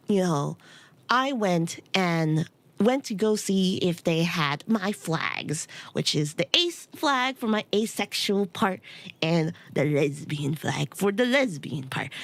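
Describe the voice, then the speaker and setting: A woman's voice: medium pitch, takes it slowly, no room sound. A young woman streaming a game, chatting casually and telling stories with lots of giggles. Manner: giggly, animated storytelling with frequent laughter. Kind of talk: casual chat while gaming.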